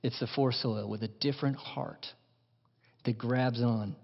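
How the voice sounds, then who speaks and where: Impassioned pastor preaching in a hall. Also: male voice, medium pitch, fairly even intonation, measured pace, vocal fry, husky. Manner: impassioned, swings from hushed to rising emphatic. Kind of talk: sermon. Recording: dull sound in a large reverberant hall.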